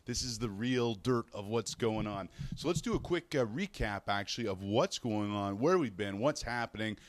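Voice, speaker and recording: A Canadian man hosting a fantasy sports radio show from a hotel room, telling road stories in a chatty, animated way and acting out the people he quotes. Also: fairly low pitch, normal speed, slight background noise. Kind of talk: casual solo show, storytelling.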